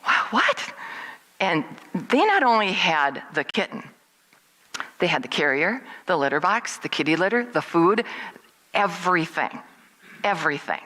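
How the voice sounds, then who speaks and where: Middle aged lady telling a story at a service, bright voice, acts out everybody's lines with big jumps up. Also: normal speed, pauses often, poor audio. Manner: lively, acts out what people said with big jumps in pitch. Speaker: guest speaker at a service. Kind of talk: personal storytelling.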